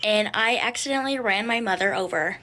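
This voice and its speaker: Bright-voiced young woman telling a story. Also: medium pitch, a little fast. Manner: rambling, filler-heavy, swears a lot. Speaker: caller. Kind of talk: casual storytelling on a call-in.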